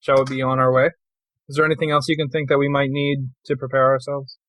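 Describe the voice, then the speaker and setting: A man's voice: medium pitch, little pitch movement, fast, a bit bright, dry recording. Joking man playing a tabletop game. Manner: joking and playful, often laughing. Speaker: player. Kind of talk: casual tabletop chat.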